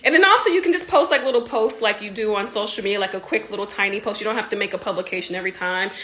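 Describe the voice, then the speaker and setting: Woman, 30s, marketing coach, casual live chat, eager and rambling, a bit congested, bright forceful tone. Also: medium pitch, racing. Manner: excited, rambling, full of "like".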